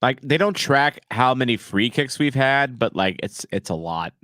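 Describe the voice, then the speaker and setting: A man streaming a casual watch-along of a live match, animated and jokey, shouting at near-misses. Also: medium pitch, normal speed, no echo, clean studio sound.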